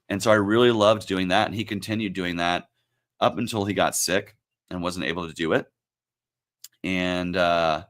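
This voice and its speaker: A man turning forty, hosting his own livestream and talking in a reflective, halting, emotional way, with many pauses and fillers. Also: low voice, fairly bright tone. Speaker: livestream host. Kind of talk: casual livestream talk.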